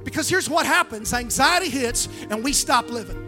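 A woman pastor preaching a fervent sermon, calling on the crowd to answer back, with a sing-song, drawn-out phrasing. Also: high-pitched, expressive, over music. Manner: emphatic preaching with call-and-response.

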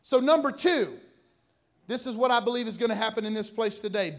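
High-voiced man preaching a lively sermon. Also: a little fast. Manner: animated preaching, swings between loud bursts and low asides. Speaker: pastor.

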